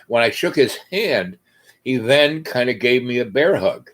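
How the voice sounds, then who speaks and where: A man's voice: mid-range voice, very animated, a little slow, a bit bright. A man talking casually to his viewers, wandering through a story with lots of fillers, restarts and small laughs. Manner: laughs often mid-sentence. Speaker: vlogger. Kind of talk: casual rambling monologue.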